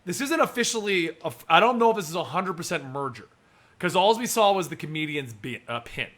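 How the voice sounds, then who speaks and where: Excitable male comics podcast host, high-pitched and bright, quick to act out scenes. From United States. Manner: excitable, acts out quotes with big jumps in pitch. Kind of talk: casual chat about comics.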